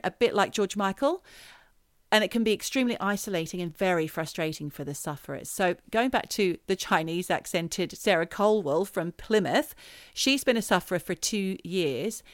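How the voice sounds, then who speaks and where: Woman co-host, casual storyteller, dry close mic, mid-pitched, natural delivery. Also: lively intonation, moderate pace, dry recording. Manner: chatty, storytelling, trails off when unsure. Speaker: podcast co-host. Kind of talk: casual chat.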